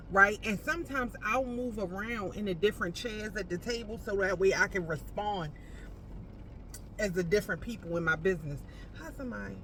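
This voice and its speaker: A woman entrepreneur chatting casually to camera while parked outside a post office, animated and playful, calling the viewer baby. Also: mid-range voice, a little hiss or hum. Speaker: entrepreneur vlogger.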